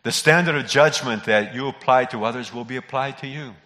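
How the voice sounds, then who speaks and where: A man's voice: medium pitch, brisk, bright, forceful tone, big-room sound. A man preaching a sermon in an earnest way, repeating key phrases for emphasis. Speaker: pastor.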